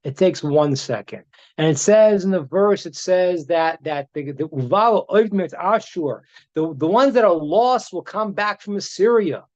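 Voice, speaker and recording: A rabbi speaking live over a dull video call. He talks and tells stories in an animated way, repeating himself and stammering as he restarts his sentences. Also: high voice, unhurried. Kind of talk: live online talk, storytelling.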